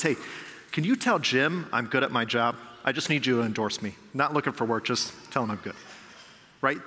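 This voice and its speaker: Bright-voiced pastor preaching in a big hall. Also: male voice, fairly high pitch. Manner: conversational, acts out quoted people for humor. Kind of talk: sermon. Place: large church hall. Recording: long reverb of a large church hall.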